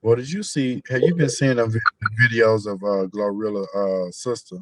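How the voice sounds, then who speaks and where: A man gossiping with his best friend on a phone call. He tells lively, profane stories in slangy talk. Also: on the low side, normal speed, very noisy.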